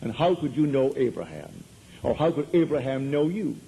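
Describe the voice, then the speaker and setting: Man giving a mellow storytelling lecture. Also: medium pitch, very animated, moderate pace, creaky, slight background noise, low-quality recording. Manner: conversational storytelling, emphatic repetition. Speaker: spiritual lecturer. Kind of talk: metaphysical lecture to a live audience.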